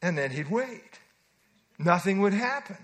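Earnest male pastor with a high voice. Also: animated, unhurried, fairly bright tone. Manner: earnest teaching that acts out quoted lines. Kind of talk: expository sermon.

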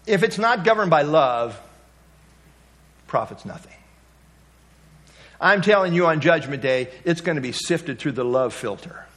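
High-voiced man preaching a sermon. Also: a bit bright. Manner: conversational storytelling, folksy asides. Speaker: pastor.

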